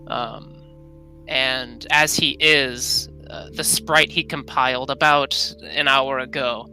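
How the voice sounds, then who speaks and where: A player narrates their character's scene at a slow, halting pace, pausing often and filling the gaps with fillers. The tone is bright and clear. A faint musical bed plays underneath. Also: medium pitch, fairly even intonation, faint music behind, low-quality recording.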